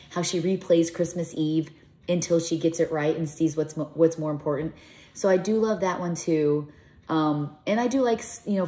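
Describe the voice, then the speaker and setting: A middle-aged woman vlogger, a mother, chatting casually to camera in a rambling, emotional way. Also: low-pitched. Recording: echoey room with soft music.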